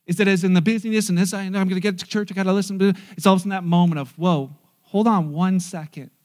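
A man preaching a sermon in church, animated and joking, acting out scenes. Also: high-pitched, racing. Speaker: pastor.

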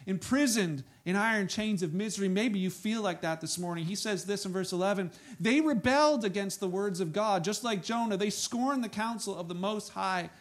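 A man preaching a sermon, reading scripture aloud and breaking into soft asides and loud exclamations. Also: high-pitched, normal speed, few pauses. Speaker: pastor.

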